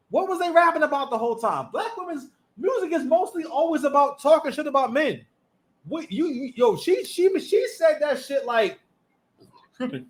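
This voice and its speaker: Man with a high voice, animated commentary, emphatic, slangy. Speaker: commentary channel host. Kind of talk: reaction commentary.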